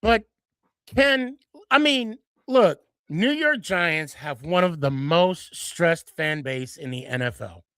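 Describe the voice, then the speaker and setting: Rambling, excitable male podcast host, bright and punchy, dry close mic. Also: slow, clean tone, no echo. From Dallas-Fort Worth area. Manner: rambling, repeats himself, many restarts and fillers; excitable, jumps higher when animated. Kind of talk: casual monologue.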